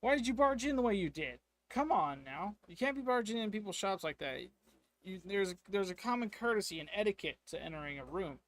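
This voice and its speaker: A man's voice: high-pitched, animated, a little fast, pitched above the performer's own voice. A man voicing an indignant middle-aged male shopkeeper who scolds in a huffy, raised voice.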